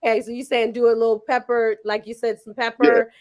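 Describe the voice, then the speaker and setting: A woman's voice: a little high, level tone, fairly quick, a little mellow, dry recording, clean studio sound. A woman hosting a casual podcast chat, playful and teasing, often laughing as she questions her guests. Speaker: podcast host.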